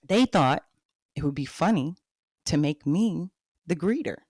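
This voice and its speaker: Speaking directly to her audience, a podcast host from Texas, in her thirties, shares her personal history in an open monologue. Her voice is low-pitched, expressive and unhurried, a little mellow with a breathy edge, recorded to studio quality with no room sound.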